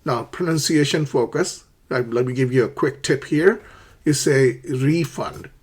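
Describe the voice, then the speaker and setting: This English lesson for learners features a man at normal speed with a medium-pitched, slightly rough voice. He walks through shopping phrases step by step, acts out short exchanges in a shop, and checks in frequently, saying "okay" and similar.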